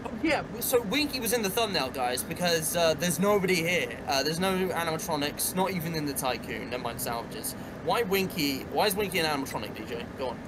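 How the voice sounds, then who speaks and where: A man's voice: fairly high pitch, expressive, fairly quick, few pauses, noisy background. A teenage boy hosting a gameplay stream, chatting casually with a co-host and rambling with many fillers. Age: teens. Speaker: gaming channel host.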